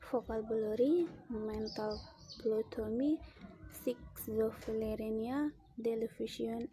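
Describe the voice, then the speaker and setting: Woman presenter, gravelly, slow, stumbling delivery, noisy outdoor birdsong behind. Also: a little high, warm tone. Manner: reads word lists, stumbles. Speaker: student presenter. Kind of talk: halting class presentation.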